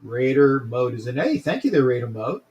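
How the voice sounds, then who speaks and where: A man's voice: medium pitch, sing-song, moderate pace, a little mellow. A man hosting a casual sports talk livestream, greeting viewers by name and often repeating himself.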